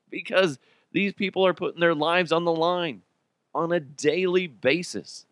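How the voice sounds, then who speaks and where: Alone on his comedy podcast, a man with a somewhat high voice rants at a slightly slow pace, swearing freely. He is animated and laughs often through the comedic commentary, and the recording has no room sound.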